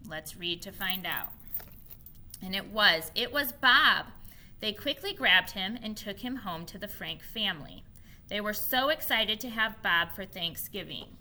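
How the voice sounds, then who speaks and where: A woman teacher modeling a reading lesson for young children on her own camera, expressive and patient, repeating key points slowly. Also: mid-range voice.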